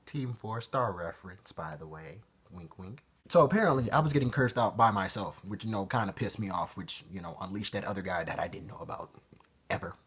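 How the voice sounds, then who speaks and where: A man's voice: low voice, animated, fairly quick, husky. A man talking to camera in a rambling, profane vlog monologue that keeps interrupting itself. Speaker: vlogger.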